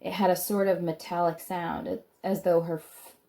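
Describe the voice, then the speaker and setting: Woman reading a storybook aloud, low voice. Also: flat delivery, normal speed, mellow. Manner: chatty asides between read passages. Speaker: reader of a children's book. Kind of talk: reading a book aloud with casual asides.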